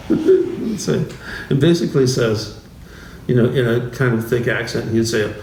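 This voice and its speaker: Bishop, male, easygoing teaching talk, halting and slow, mic at a distance. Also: mid-range voice, darkish tone. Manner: slow, halting, many restarts and fillers, chuckles often. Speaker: bishop teaching a class series. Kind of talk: informal talk with anecdotes. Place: church. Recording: roomy church hall, voice from afar, faint noise.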